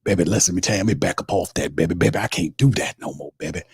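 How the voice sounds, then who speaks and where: A man voicing a smooth-talking male preacher who calls everyone baby in a drawl. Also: low voice, very fast, dry recording, studio quality, exaggerated voice. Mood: boastful. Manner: drawling, repeats "baby" constantly.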